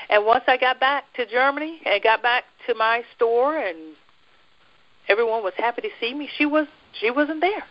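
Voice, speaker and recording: An American woman, appearing as a guest, shares a personal faith testimony in a lively way, laughing often and acting out the dialogue she quotes. Her voice is fairly high-pitched at normal speed, and the highs are cut off.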